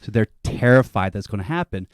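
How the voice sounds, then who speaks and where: A man telling a long comic story on a panel show, animated and swearing, acting out other people's lines. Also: fairly low pitch, brisk, a little hiss or hum.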